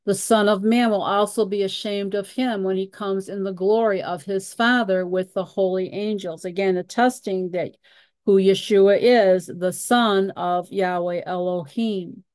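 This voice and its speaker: Woman teacher reading and explaining scripture, mid pitch, unhurried and halting, dry recording. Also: steady tone, darkish tone, no echo. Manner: reads scripture aloud, pausing often with fillers and repeated "again". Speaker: Bible study teacher. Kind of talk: Bible study teaching.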